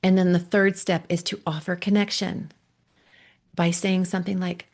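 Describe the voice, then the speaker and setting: A woman coach and podcast host giving a gentle, earnest faith-based talk on marriage, often checking in with "right?". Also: mid-range voice, level tone, normal speed.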